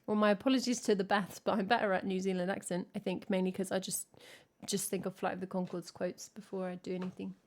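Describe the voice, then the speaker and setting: A young English singer-songwriter with a medium-pitched, flat, slightly mellow voice chats casually with her stream chat between songs. She jokes at her own expense and makes quick asides to viewers, on a home stream with piano playing in the background.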